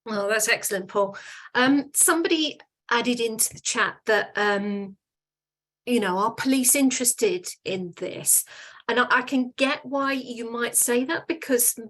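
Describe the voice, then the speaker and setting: A woman's voice: fairly high pitch, measured pace, a bit bright. A woman hosting an online chat, relaying audience questions in a friendly, moderating way on a video call. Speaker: host.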